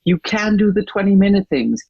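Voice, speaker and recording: A woman's voice: medium pitch, brisk, gravelly, no echo, lo-fi sound. An older woman, a coach and trainer, talking animatedly as an interview guest and acting out stories with voices. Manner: animated, acts out anecdotes with lively voices. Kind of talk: interview conversation.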